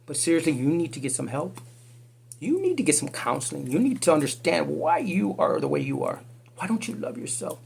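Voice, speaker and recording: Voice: medium pitch, sing-song, brisk, gravelly, darkish tone, a little hiss or hum. A psychic reader doing a casual spiritual reading vlog, talking in a profane, confrontational and rambling way.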